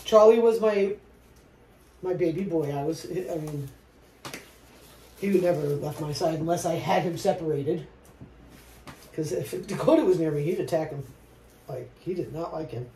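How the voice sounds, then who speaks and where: Mellow-voiced woman musing while painting. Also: deep voice, normal speed, long pauses. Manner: soft-spoken, reflective, trails off mid-sentence. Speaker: painting vlogger. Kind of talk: casual chat while painting. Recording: roomy echo with faint noise.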